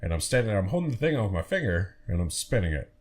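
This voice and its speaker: A young man, a podcast co-host, telling a story in casual chat with halting restarts. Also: fairly low pitch, sing-song.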